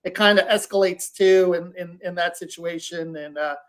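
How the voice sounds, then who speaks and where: Flat-voiced man, halting sports talk. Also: high voice. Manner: halting, many fillers and restarts. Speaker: sports reporter, panel guest. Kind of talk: casual panel discussion.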